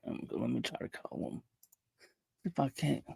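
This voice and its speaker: A man hosting a livestream, talking casually in a halting way, often repeating words and restarting his sentences. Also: medium pitch, animated, vocal fry, darkish tone, husky, no echo. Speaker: livestream host.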